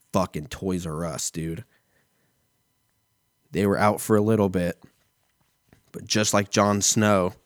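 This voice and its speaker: In clean, dry studio sound, a man in his thirties with a fairly low voice chats casually on his own. He rambles through an everyday story, swearing heavily and filling it with "like" and "you know."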